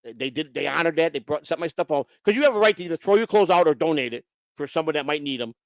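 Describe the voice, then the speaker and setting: A man's voice: fairly high pitch, lively intonation, fast talker, no echo. A man hosting a casual chat, telling a long story bluntly, with lots of swearing and restarts. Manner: blunt, profane, rambling with many restarts. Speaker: host.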